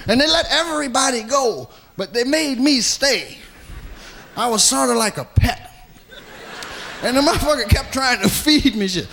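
A man tells a stand-up story in a high, gravelly voice that swings widely up and down. His tone is sharp and bright, and he curses casually as he talks. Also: normal speed, a little hiss or hum. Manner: animated, profane, conversational. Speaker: stand-up comedian.

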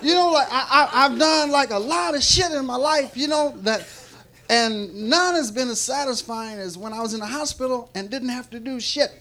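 This stand-up comedian speaks in a very high voice at a moderate pace, rambling and swearing on a club stage and chuckling between lines, mouth dry. It's a live club recording with a loud crowd responding throughout.

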